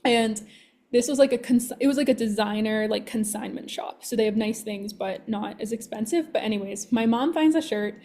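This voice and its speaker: A woman who coaches clients on manifestation chats on a podcast with a somewhat high voice. She tells her story in an animated way, acting out her inner thoughts as she goes. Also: normal speed. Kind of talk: casual podcast chat.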